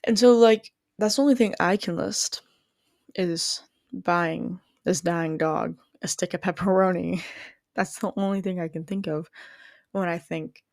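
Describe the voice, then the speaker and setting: A woman's voice: fairly low pitch, unhurried, gravelly, a little mellow, dry recording, clean studio sound. A young woman telling a personal story and musing on whether she is a good person, rambling with plenty of "like" and restarts. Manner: rambling, heavy use of "like", frequent restarts.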